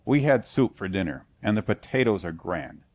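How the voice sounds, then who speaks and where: A man's voice: on the low side, very animated, moderate pace, a little mellow. A man voicing a kindly little peasant soldier with a tender, sing-song way of speaking.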